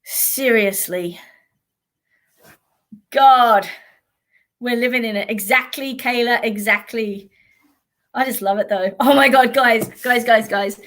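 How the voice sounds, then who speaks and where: A woman's voice: fairly high pitch, slow pace, long pauses, fairly bright tone. An Australian woman, a psychic, chatting casually on a live stream in a blunt, sweary way and often laughing.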